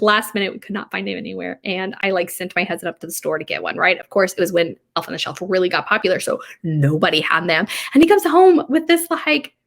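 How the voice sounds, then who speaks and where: A woman in her thirties, a bakery owner, chatting casually about family traditions, rambling and laughing, sometimes talking quietly. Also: mid-range voice, creaky. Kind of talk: casual chat.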